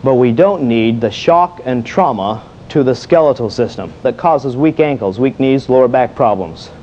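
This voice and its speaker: A man's voice: medium pitch, animated, moderate pace, mellow, slight background noise. A man leading an exercise demonstration as a fitness instructor, folksy and jokey, asking questions and answering them himself. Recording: dull lo-fi old video sound.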